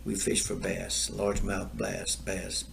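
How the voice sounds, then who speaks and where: Gravelly older man spinning yarns. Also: deep voice, level tone, takes it slowly, very noisy. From Florida. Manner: rambling, repeats himself, laughs at his own stories. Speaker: storyteller guest. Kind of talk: casual storytelling chat. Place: outdoors.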